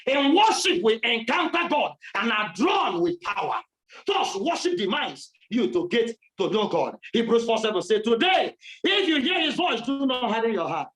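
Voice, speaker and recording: A man with a Nigerian accent preaching a fervent sermon in church, often shouting in repeated rising phrases. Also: extremely high pitch, very animated, moderate pace, poor audio.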